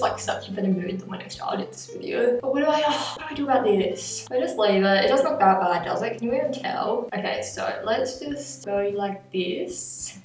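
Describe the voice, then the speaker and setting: Young woman, nervous rambling vlog chat, slightly high voice, roomy bathroom echo. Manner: nervous, rambling, self-mocking. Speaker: vlogger. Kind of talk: casual talk to camera. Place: home bathroom. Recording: echoey bathroom, mic at a distance.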